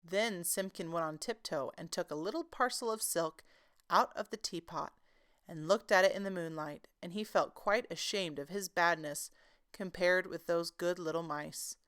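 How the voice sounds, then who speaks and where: A woman reads a classic children's tale aloud in a gentle, expressive way. Her voice sits on the low side. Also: moderate pace. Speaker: storyteller. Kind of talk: children's book read-aloud.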